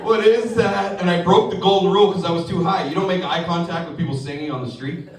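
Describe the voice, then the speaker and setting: A young man doing a stand-up comedy set, telling stories with animated delivery and acting out other people's voices. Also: on the high side, quick pace. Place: comedy club stage. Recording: echoey club mic with crowd laughter, from far off. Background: audience laughing.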